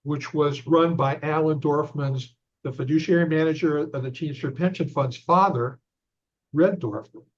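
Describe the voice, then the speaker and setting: A man's voice: a little high, normal speed. An older man, an author and investigator, telling a story conversationally as an interview guest. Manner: animated anecdote-telling, recounting dialogue. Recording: dull lo-fi audio.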